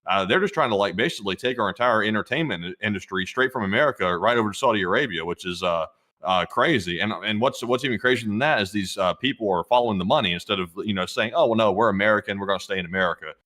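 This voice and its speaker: A man's voice: lowish voice, fast, pushed and bright. A man co-hosting a casual livestream, reading out viewer donations and chatting offhand with frequent fillers.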